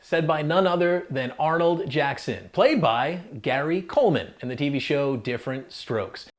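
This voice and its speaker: A man's voice: fairly high pitch, normal speed, very noisy. A man hosting a casual countdown video, narrating in an upbeat, chatty way with playful asides to the listener. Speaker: host.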